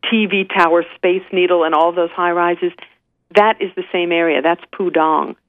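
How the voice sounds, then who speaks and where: A woman's voice: lowish voice, dry recording. New woman on a tinny phone line. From New York. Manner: animated storyteller, frequent restarts. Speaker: guest author. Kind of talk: phone interview.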